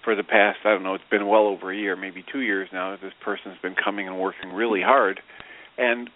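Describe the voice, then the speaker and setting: A man's voice: low voice, steady tone, a little fast, slight background noise. A man co-hosting a radio show, explaining his ideas in a reflective, casual way. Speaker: radio co-host. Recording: tinny phone-line radio audio.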